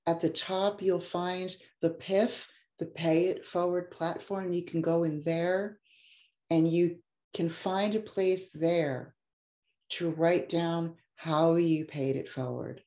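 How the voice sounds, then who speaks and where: A woman's voice: fairly low pitch, fairly even intonation, slow pace, warm tone, roomy sound. A woman life coach giving an effusive, heartfelt motivational talk to an online audience. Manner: effusive and heartfelt, gets emotional.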